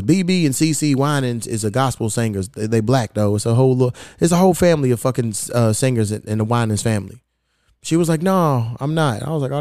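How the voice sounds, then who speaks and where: Male podcast host, heated profane rant, mellow dark tone, dry close sound. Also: mid-range voice, dry recording. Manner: profane, heated, animated retelling. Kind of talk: casual storytelling rant.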